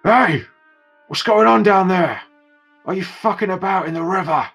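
A man voicing a gruff, suspicious orc sentry, shouting in a loud, blustering way. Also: a little high, big pitch swings, normal speed, faint music behind, voice pushed up.

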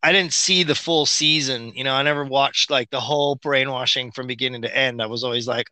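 A man's voice: mid-range voice, steady tone, fairly quick, few pauses, sharp tone, no room sound. A man in casual conversation as a guest, rambling through stories and mocking quoted voices.

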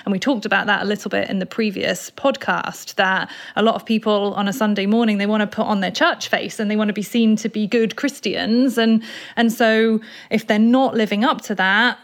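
A woman co-hosting a church podcast, explaining her ideas thoughtfully in casual conversation. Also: medium pitch. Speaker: podcast co-host.

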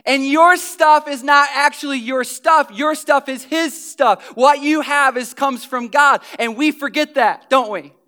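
A man preaching a sermon as pastor, animated, acting out little scenes and sometimes dropping to a near whisper. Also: extremely high pitch, measured pace, hardly any pauses.

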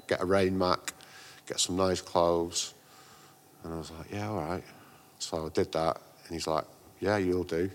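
A man in a casual interview, telling rambling anecdotes full of slang and restarts. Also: sits low. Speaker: guest, graffiti artist and painter.

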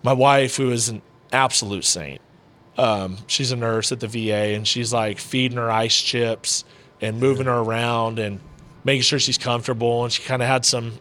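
A man's voice: medium pitch, fairly even intonation, normal speed, a bit bright, a little hiss or hum. A man who announces combat sports, a podcast guest telling a heartfelt story in casual, rambling talk full of "you know" and "bro". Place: indoor VR arcade he owns.

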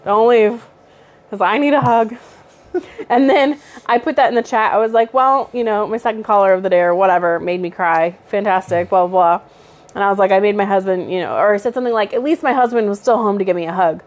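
A woman's voice: mid-range voice, a little fast. A young adult woman co-hosting a casual podcast, telling stories with frequent laughs. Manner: chatty, laughing storyteller. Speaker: podcast co-host. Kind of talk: casual chat.

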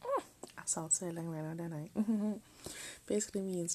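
A woman's voice: on the low side, a little slow, a little hiss or hum, poor audio. A teenage girl chatting casually late at night in her bedroom, rambling and often dropping into half-whispers. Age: late teens. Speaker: vlogger.

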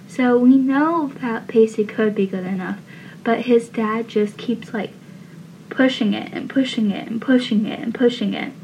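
A woman's voice: a little high, creaky, mellow. Emotional woman recapping a TV scene. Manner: emotional, rambling with many fillers. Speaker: TV show fan vlogger. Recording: dull lo-fi with faint hiss.

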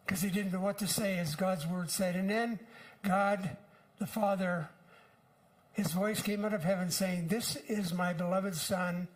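An older man delivers a sermon with earnest conviction. His voice sits high for a man, and he preaches at an unhurried pace, pausing often between phrases. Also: rough recording. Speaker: pastor.

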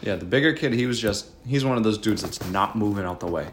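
A man's voice: fairly low pitch, fast, a little hiss or hum. A man co-hosting a podcast, adding short, laid-back remarks in casual chat. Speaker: podcast co-host.

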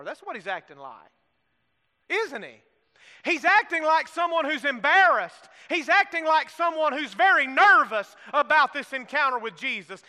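A long hall reverb surrounds a pastor whose very high voice comes across pushed and bright. His sermon leans on folksy humor and call-and-response, getting the congregation to echo phrases while he acts out what the disciples said.

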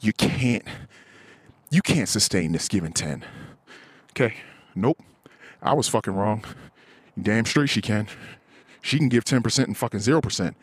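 A man's voice: lowish voice, lively intonation, normal speed, pauses often, breathy edge, dry recording. A man hosting a podcast, venting in a blunt, profane, frustrated casual monologue. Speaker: podcast host.

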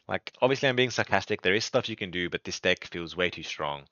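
Male podcast host, deep but bright tone, chatty and rambling, dull lo-fi dry recording. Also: animated, brisk, few pauses, no room sound. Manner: rambling, many ums and restarts. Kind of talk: casual card game strategy talk.

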